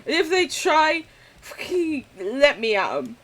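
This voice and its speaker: A woman's voice: high voice, wildly swooping pitch, a little slow, a bit bright. A young woman streaming a game, chatting casually and rambling, swearing freely with sudden squeals. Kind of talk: casual chat while gaming on stream.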